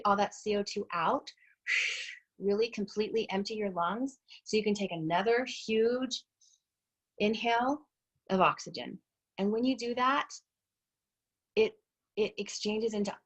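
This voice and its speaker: Husky, chatty woman fitness instructor. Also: mid-range voice. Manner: chatty, encouraging, coaching listeners through breathing. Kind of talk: motivational group talk.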